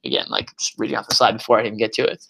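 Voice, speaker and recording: A young man coaching sales reps in a casual walkthrough, energetic and loud, full of "like" and "um" fillers. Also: on the low side, racing, vocal fry, poor audio. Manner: energetic and loud, says so himself, many fillers. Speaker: sales trainer.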